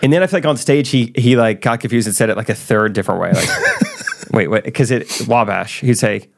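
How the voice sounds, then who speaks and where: Male podcast co-host, relaxed storyteller, mid-pitched, casual. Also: a little fast, vocal fry. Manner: storytelling, relaxed, laughs easily.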